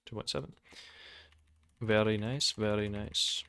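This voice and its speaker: A man giving casual commentary over his trading screen, excitable and quick to mock himself. His voice is smooth and somewhat low, recorded on a close mic with a dry, deadened sound. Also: no echo. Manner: excitable, sarcastic and self-mocking. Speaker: trading video host.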